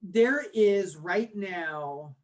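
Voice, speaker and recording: A man in his forties, a guest on an interview podcast, explaining things with lively rhetorical questions. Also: high-pitched, drawn-out words. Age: 40s. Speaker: guest, marketing agency owner.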